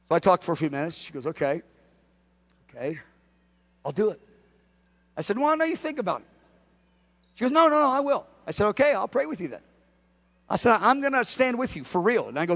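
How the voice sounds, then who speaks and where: Gravelly high-voiced male preacher, reverberant. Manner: animated anecdote-telling, acting out both sides of conversations. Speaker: pastor. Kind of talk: storytelling sermon. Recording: long hall reverb.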